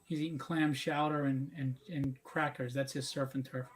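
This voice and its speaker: A man's voice: mid-range voice, level tone, normal speed. A man hosting a casual live stream, chatty and upbeat, joking about himself as he shows viewers' art. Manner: chatty and upbeat, self-mocking. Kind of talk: casual chat.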